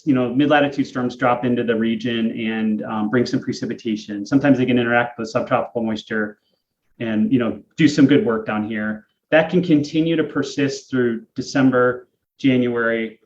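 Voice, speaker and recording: A man's voice: medium pitch, moderate pace. A man co-hosting a podcast, explaining climate patterns in a casual, thinking-aloud way with many fillers. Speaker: podcast co-host, climate expert. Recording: echoey, dull lo-fi remote audio.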